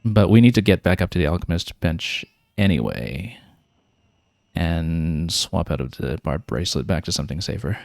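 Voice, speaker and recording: A man's voice: sits low, animated, moderate pace, creaky, darkish tone, no echo. A man streaming a video game, thinking aloud and planning his next moves with casual fillers. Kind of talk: casual gameplay commentary.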